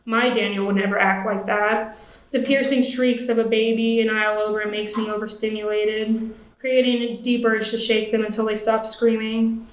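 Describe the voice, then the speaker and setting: A young woman on stage reading an excerpt of her own fiction in a steady first-person voice. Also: a little high, moderate pace, echoey room, rough recording. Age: young adult. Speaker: student reader. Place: stage at a live event.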